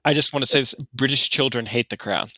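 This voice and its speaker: A man co-hosting a podcast in casual chat, trading quick jokey asides. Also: mid-range voice, bright, forceful tone, no echo. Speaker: podcast co-host.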